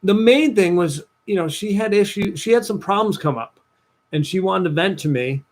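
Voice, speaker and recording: Animated man. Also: moderate pace. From New Jersey, USA. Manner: animated storytelling, acts out his past self in a higher voice. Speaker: dating coach. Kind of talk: livestream talk to viewers.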